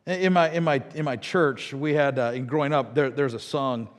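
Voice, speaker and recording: A middle-aged man from the American Midwest, preaching a sermon with lively storytelling and asides to the congregation. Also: mid-range voice, moderate pace, in a large hall. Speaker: pastor. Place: church sanctuary.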